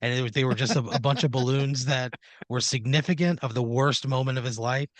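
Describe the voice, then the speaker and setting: A man's voice: mid-range voice, steady tone, brisk, dry recording. Man spinning a profane improvised tale. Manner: rambling, profane, second-person narration with restarts. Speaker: podcast host telling an improvised story. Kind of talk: improvised comedic storytelling.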